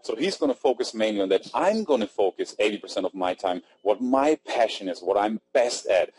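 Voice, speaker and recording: A man's voice: on the low side, expressive, brisk, a little mellow, husky, poor audio. A man with a German accent hosting an online marketing webinar, chatty and upbeat, reading out attendees' names from the chat. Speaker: webinar host. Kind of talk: casual webinar talk. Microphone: computer mic on webinar.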